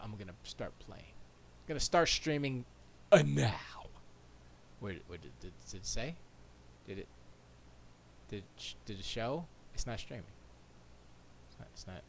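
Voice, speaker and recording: A man's voice: lowish voice, slight background noise. Rambling male streamer muttering to himself. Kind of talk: casual live-stream chatter. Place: home studio.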